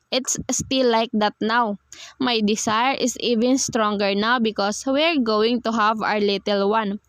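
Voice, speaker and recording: A woman voicing an intense, persistent young man who speaks softly and earnestly to his partner. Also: a little high, no room sound, natural voice. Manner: soft, earnest pleading.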